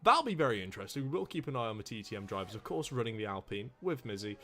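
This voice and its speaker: Fast animated male race commentator. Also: fairly low pitch. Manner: teasing, quick banter with co-host.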